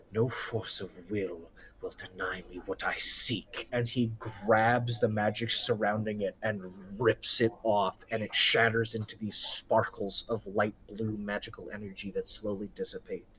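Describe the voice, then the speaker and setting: Slow-talking man game master. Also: fairly low pitch, low-quality recording. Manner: slow, drawn-out descriptive narration. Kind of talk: narrating a tabletop game.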